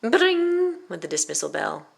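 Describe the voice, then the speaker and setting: A woman reading a children's picture book aloud, expressive and playing out the sound effects. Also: on the low side, measured pace, creaky.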